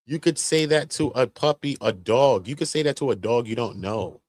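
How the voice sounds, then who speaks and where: A man's voice: mid-range voice, moderate pace, few pauses, dry recording. A man hosting a live stream, giving casual slangy commentary with mocking asides. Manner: animated, slangy, mocking impressions.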